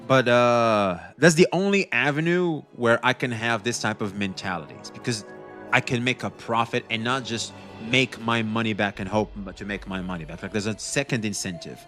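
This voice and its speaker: A man's voice: mid-range voice, moderate pace, a bit bright, soft background music. A young man streaming, chatting casually and rambling with frequent restarts, swearing freely. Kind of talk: casual livestream chat.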